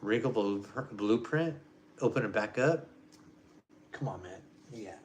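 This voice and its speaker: A man's voice: animated, unhurried, a little hiss or hum. Profane, ranting man vlogger. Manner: profane, emphatic, swings between loud jabs and low mutters. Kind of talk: ranting monologue to camera.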